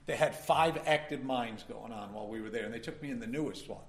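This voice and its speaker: A man's voice: mid-range voice, fast. A male pastor delivering a sermon, telling a personal story in a folksy way and building up to emphatic preaching.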